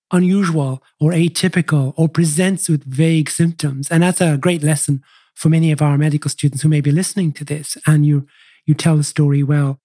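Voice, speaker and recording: Mellow higher-voiced male host, dry sound. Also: no echo. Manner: sympathetic, measured questions. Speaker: podcast host. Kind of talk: interviewing.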